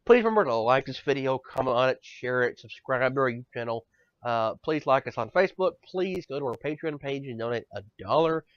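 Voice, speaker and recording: A man's voice: mid-range voice, animated, brisk, no echo. A man co-hosting a podcast in casual banter, ranting with profanity and stammering repeats. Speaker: podcast co-host. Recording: dull lo-fi sound, dry.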